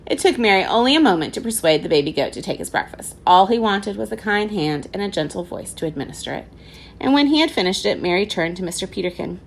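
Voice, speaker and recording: A woman teacher reading a children's storybook aloud with expressive narration. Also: medium pitch, quick pace, gravelly, slight background noise, low-quality recording.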